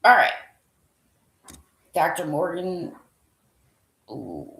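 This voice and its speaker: Female vlogger, low and gravelly, lively rambling delivery, whispers while reading lists; echoey room. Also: drawn-out words. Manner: thinking aloud, rambling, trailing off with frequent fillers. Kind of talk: casual commentary while browsing a website.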